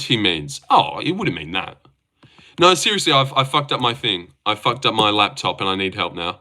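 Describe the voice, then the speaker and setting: A man's voice: mid-range voice, lively intonation, a little slow, sharp tone. A young Australian man hosting a casual livestream, rambling, joking and swearing as he answers his chat. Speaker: livestream host.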